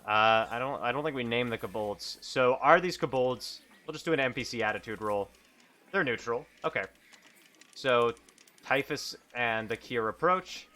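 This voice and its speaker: A man's voice: medium pitch, normal speed, pushed and bright. A man narrating a solo tabletop game on stream, thinking aloud and chatting in a self-amused way. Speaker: solo game master and player.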